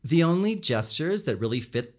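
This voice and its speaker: Speaking at normal speed in a fairly high voice, a communication coach explains body language and vocal melody in instructional commentary on speaking. He animatedly demonstrates various tones and gestures to illustrate his points.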